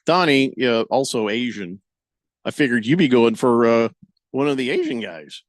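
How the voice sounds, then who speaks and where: A man's voice: mid-range voice, lively intonation, moderate pace, no room sound, clean studio sound. A man hosting a casual sports radio show, reading listener comments aloud and musing on them in a wry, rambling way.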